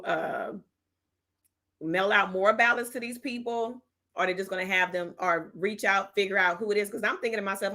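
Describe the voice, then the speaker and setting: Sassy woman with a gravelly, bright voice. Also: medium pitch. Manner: sassy and blunt, slangy talk with "child", "honey", "okay?". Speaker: host of a live political talk stream. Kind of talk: casual livestream commentary, reading and answering viewer chat.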